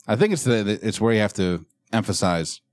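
A man's voice: on the low side, animated, a little fast. A man co-hosting a podcast in casual chat, telling wry stories and swearing freely. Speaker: podcast co-host.

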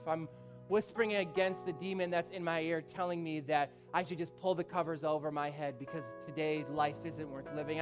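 Give me a fired-up male preacher on a church stage mic over soft instrument music. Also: on the high side. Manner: energetic, rising to near shouting, with rhetorical questions. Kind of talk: sermon. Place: church sanctuary. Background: faint instrument music.

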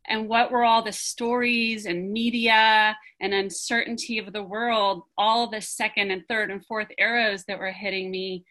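A woman sharing a personal experience with a group, halting and searching for words as she talks. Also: fairly high pitch, steady tone, a bit bright, poor audio. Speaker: practice community member sharing.

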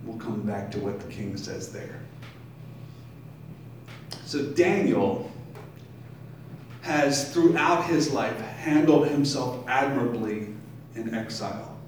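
A man's voice: medium pitch, a little hiss or hum. Man preaching in an echoey room. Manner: reads scripture, then pauses to explain it. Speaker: pastor. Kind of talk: sermon with scripture reading. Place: brewery taproom. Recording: very echoey room, distant mic.

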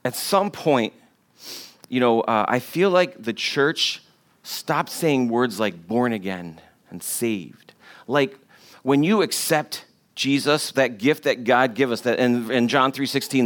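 A man's voice: medium pitch, fairly bright tone. Conversational man preaching a sermon. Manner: conversational, repeats words for emphasis, jokes with the congregation. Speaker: pastor.

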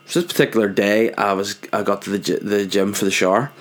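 A man's voice: lowish voice, fairly even intonation, quick pace. A man telling casual anecdotes in a rambling, sweary, self-mocking way. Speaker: vlogger, father.

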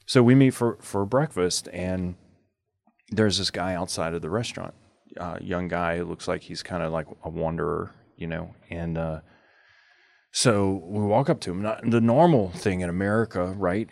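A man's voice: low-pitched, moderate pace, creaky, darkish tone, dry recording. A man hosting a podcast in casual chat, telling stories loosely with many filler words. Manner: rambling, full of filler words. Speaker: podcast host.

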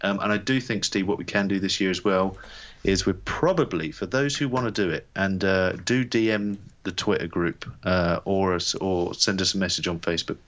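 Deep low-voiced guy from england cohosting a podcast, rambly and relaxed, kinda dull lo-fi sound. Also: normal speed, hardly any pauses. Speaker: podcast co-host. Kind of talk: casual chat.

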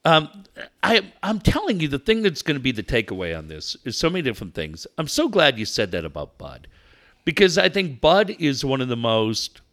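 A male sports broadcaster tells chatty, laughing anecdotes in casual talk. His pitch moves a lot as he goes. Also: wildly swooping pitch, fairly quick, a bit bright.

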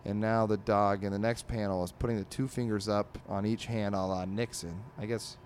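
Halting low-voiced man rambling on a podcast. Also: little pitch movement, darkish tone, a little hiss or hum. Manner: halting, full of ums and restarts. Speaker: podcast host reviewing comic strips. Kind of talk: rambling comedy podcast monologue.

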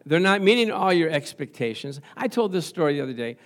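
An older male pastor preaches to his congregation in church, spinning humorous stories about married life. His voice sits a little high, and he laughs often and keeps asking the room "Amen?". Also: very animated, quick pace. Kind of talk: humorous sermon.

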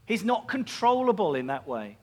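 High-voiced chatty male preacher. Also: very animated, normal speed, a little mellow. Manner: chatty and self-mocking, with asides and laughs. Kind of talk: sermon.

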